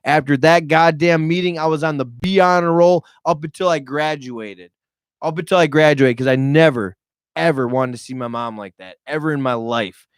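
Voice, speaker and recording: A man's voice: fairly high pitch, moderate pace, clean tone, no echo. A man telling candid stories on a podcast, emotional and profane, speaking straight to his viewers. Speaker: podcast guest. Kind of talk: candid storytelling chat. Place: podcast studio with cameras.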